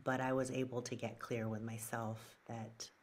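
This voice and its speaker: A woman guest, a brand strategist and author, giving measured and earnest answers in an interview, pausing with fillers and restarts. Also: very deep voice, flat delivery, a little mellow, slight background noise.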